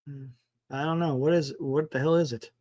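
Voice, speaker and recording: Casual stream host, male, higher-pitched, rambling and offhand with the odd curse. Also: fairly even intonation, moderate pace, warm tone. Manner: rambling, thinking aloud, mild swearing. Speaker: sports talk livestream host. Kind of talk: casual livestream chat.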